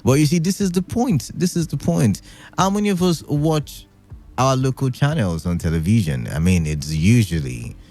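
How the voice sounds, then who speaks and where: A man's voice: mid-range voice, lively intonation, moderate pace, warm tone, faint music behind. A man hosting an evening radio show in a studio, chatty and playful, rambling with lots of fillers. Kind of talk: casual radio talk. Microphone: studio microphone.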